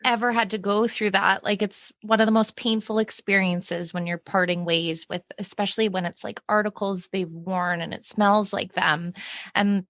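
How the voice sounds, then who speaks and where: A woman's voice: mid-range voice, fairly even intonation, normal speed, fairly bright tone, dry recording. A woman hosting a podcast, answering a guest in an empathetic, reflective way. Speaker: podcast host. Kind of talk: casual chat.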